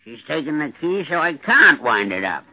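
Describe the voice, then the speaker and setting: An actor in a vintage radio drama playing a stubborn, grumbling rich man of ninety-three, with a husky voice. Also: a little high, big pitch swings, moderate pace, very noisy. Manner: cantankerous, grumbling. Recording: tinny old radio broadcast.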